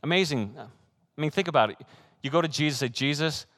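A male pastor preaches a sermon fast and with animated, excitable energy, his voice pitched a little higher than most men's. Along the way he slips into quoted voices and lets out light laughs.

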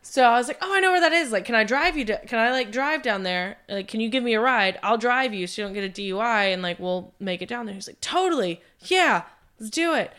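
Bright-voiced young woman telling a wild story. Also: mid-range voice, quick pace, hardly any pauses, clean tone. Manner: animated, acts out quotes, swears freely. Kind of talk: casual storytelling chat.

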